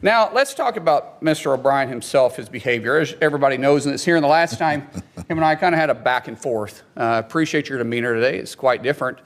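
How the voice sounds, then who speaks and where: A man's voice: medium pitch, fast. A man questioning a witness at a hearing, combative and reading quotes aloud. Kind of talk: hearing confrontation.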